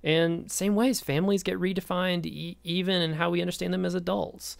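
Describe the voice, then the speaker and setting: American guy lecturing, gravelly voice, dry close sound, tells stories with lots of energy. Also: sits high, a little fast, no room sound. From United States. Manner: animated storytelling, playacts his own past lines. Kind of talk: recorded lecture with a personal anecdote.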